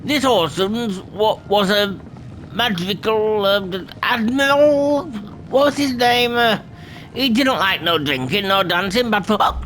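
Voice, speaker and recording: A man voicing a rambling, tipsy old sailor who spins tales in rough sailor's slang and stumbles over his words. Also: sits high, takes it slowly, a bit bright, a little hiss or hum, rough recording.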